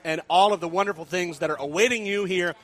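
A man's voice: sits high, fast, fairly bright tone. A man hosting a live radio food show, talking with enthusiastic, playful energy.

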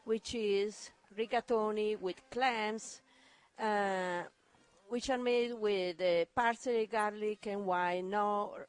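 Slow-talking woman with an Italian accent. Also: mid-range voice, steady tone, clean tone. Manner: halting, searching for words. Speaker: restaurant representative. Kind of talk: radio interview. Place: restaurant.

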